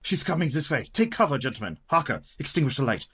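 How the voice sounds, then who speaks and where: A man's voice: mid-range voice, big pitch swings, fast, fairly bright tone, slightly rough, heavily acted. A man voicing an older male vampire-hunting professor in a radio play, speaking in a formal, commanding way. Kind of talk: community radio play acting.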